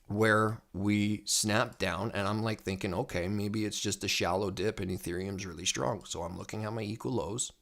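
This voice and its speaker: A man giving casual, rambling commentary on crypto charts as a trading educator, excitable and prone to repeating himself. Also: lowish voice, creaky.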